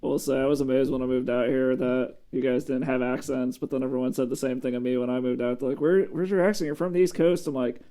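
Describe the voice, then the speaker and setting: A man co-hosting a podcast, chatty and quick to jump into the conversation. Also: medium pitch, steady tone, warm tone, clean tone. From Connecticut, USA. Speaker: podcast co-host. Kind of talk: casual podcast chat.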